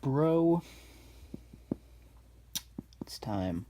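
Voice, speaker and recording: A man puts on a calm, very old male tortoise master from a cartoon who talks in a casual, laid-back way. He takes his time. The voice stays near the man's own. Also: mid-range voice, slow, a little hiss or hum, natural voice.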